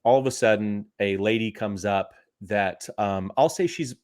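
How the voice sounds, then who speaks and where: A man in his forties, a podcast co-host and father, telling a story in an animated, exasperated way. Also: lowish voice. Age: 40s. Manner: animated, exasperated storyteller, talks fast in bursts. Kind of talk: casual storytelling chat.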